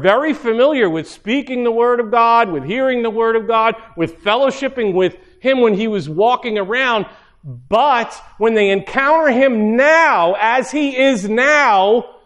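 A man preaching a sermon, earnest, putting rhetorical questions to his listeners and slowing down to stress key lines. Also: high-pitched.

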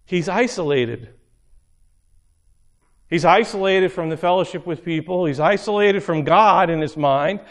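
A man preaching a sermon, animated, acting out little scenes in character voices. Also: sits high, unhurried, long pauses. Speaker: pastor.

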